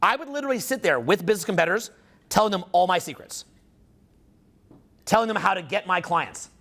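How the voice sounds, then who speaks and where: This man's voice sits high and sounds a bit bright, animated and fairly quick. Leading a live seminar as a social skills coach, he swears liberally, speaks emphatically and peppers the room with questions.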